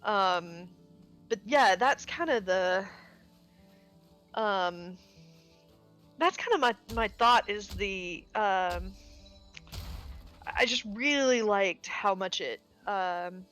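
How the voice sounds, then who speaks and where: A woman chatting casually on a live gaming stream, expressive and full of filler words and mild swearing. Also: mid-range voice, drawn-out words, long pauses, soft background music. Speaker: streamer co-host. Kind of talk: casual chat while gaming.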